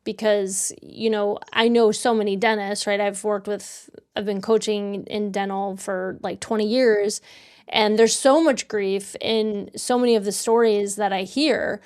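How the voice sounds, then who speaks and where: A woman's voice: mid-range voice, steady tone, measured pace, darkish tone, smooth. A woman in her forties hosting a podcast, talking in an open, searching way with lots of "like" and "you know.". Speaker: podcast host and dental coach. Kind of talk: casual reflective conversation.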